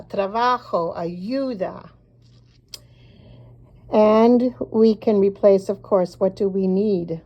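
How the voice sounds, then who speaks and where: A woman teaching a recorded beginner language lesson, modeling short phrases slowly and pausing so learners can repeat. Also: mid-range voice, a little mellow. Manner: slow, deliberate model phrases with pauses for repeating. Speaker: Spanish teacher.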